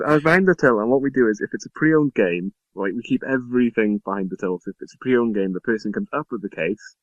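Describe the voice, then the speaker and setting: A man's voice: fairly low pitch, no room sound. A young man telling a rambling, self-mocking story in a casual podcast chat with friends. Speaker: podcast co-host. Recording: dull lo-fi mic.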